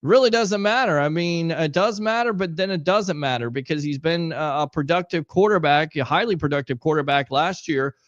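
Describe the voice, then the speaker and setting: A man's voice: on the high side, normal speed, few pauses, no echo. A man co-hosting a sports talk show, emphatic and repeating points for stress. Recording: dull lo-fi stream audio.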